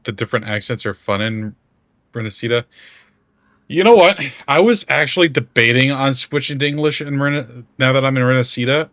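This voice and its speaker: A man's voice: medium pitch, brisk, a bit bright, no echo. A man streaming a game and chatting casually with his viewers in a rambling way. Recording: dry close mic, faint music.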